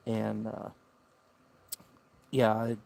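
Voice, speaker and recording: Slow, gravelly Southern man. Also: fairly low pitch, completely flat delivery, dark tone. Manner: slow, easygoing drawl with rambling fillers. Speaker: camping livestream host. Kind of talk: casual live-stream chat. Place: outdoor campsite by the woods.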